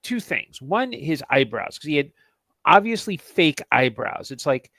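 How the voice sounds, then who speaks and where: A man's voice: fairly high pitch, very animated, unhurried, a bit bright, no echo, poor audio. A man co-hosting a podcast in casual chat about old TV shows, rambling with many restarts and asides. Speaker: podcast co-host.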